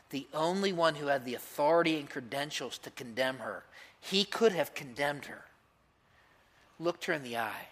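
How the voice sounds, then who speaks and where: A man preaching a sermon to a congregation, emphatic, swinging between loud cries and hushed intensity. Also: mid-range voice, breathy edge. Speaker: pastor.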